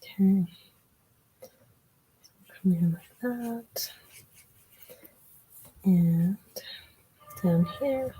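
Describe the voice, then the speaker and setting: A woman giving a relaxed card-making tutorial, chatting and thinking aloud as she works. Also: medium pitch, very slow, long pauses, breathy edge, rough recording. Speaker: craft demonstrator.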